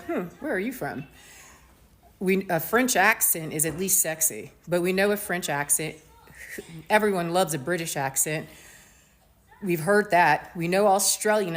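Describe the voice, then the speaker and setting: A woman from the United States hosting her own show, giving a blunt, emphatic commentary monologue full of fillers and restarts. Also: lowish voice. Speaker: show host.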